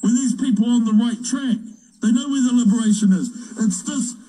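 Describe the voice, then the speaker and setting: A man's voice: very high voice, brisk, dark tone, slightly rough, low-quality recording. A man in a played clip, ranting angrily, swearing and rambling with fillers. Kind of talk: angry rant to camera.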